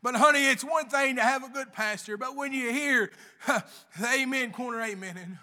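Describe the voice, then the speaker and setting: A man preaching a fervent sermon in church, repeating "honey" over and over and rising into shouts. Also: extremely high pitch, moderate pace. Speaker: lay preacher.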